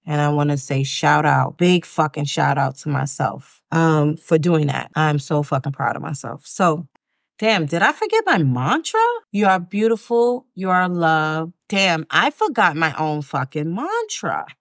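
A woman's voice: low-pitched, big pitch swings, measured pace, creaky, dry recording, studio quality. A woman hosting her own self-help podcast, speaking frankly and emphatically and swearing freely. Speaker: podcast host.

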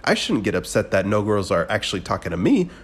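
A man hosting a podcast, telling a rambling, profane story in a casual solo monologue with sudden bursts of excitement. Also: on the low side, fast, breathy edge. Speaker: podcast host.

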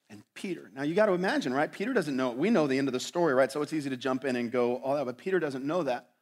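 A man preaching a sermon as pastor, swinging from loud, dramatic lines to hushed ones and asking his listeners rhetorical questions. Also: medium pitch, animated, fast talker. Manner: asks the audience rhetorical questions.

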